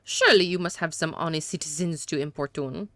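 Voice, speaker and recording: A woman's voice: low-pitched, a little fast, a bit bright, dry recording, pitched below the performer's own voice. A woman voicing a smug, condescending older dandy, with an attempted French accent and a haughty, formal way of talking.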